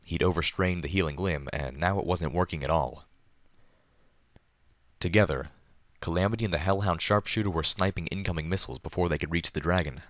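A man with a very deep voice narrates a first-person story in a measured, even way. The recording is close and dry, with no room around him. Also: no room sound. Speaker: audiobook narrator.

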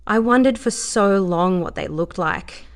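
A woman voicing an older male professor, speaking quietly and hesitantly. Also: mid-range voice, animated, unhurried, lightly acted. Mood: hushed.

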